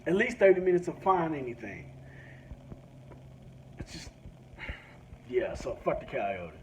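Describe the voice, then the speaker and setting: A man's voice: a little high, a little slow. A man from a rural country town telling a crude, swearing rant while driving. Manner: crude, animated, swears freely. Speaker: vlogger. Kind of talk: profane storytelling rant. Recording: dull lo-fi sound, faint noise.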